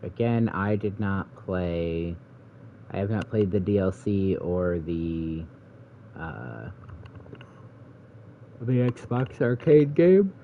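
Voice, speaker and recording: A man giving relaxed, rambling commentary while playing a video game, thinking aloud as he goes. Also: low-pitched, slow pace, narrow, tinny audio, slight background noise. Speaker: let's play gamer. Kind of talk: casual gameplay commentary.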